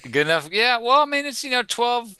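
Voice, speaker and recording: A man in his sixties co-hosting a podcast in casual chat who talks haltingly, with many restarts. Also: very high-pitched, very animated, bright, forceful tone, clear, resonant tone, no echo. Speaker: podcast co-host.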